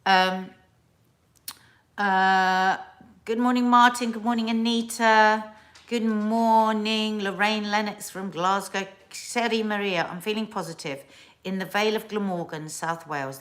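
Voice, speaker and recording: A middle-aged Englishwoman hosts a family live stream from home, chatting casually and rambling through viewer comments with restarts and asides. Her voice is fairly low and a bit bright.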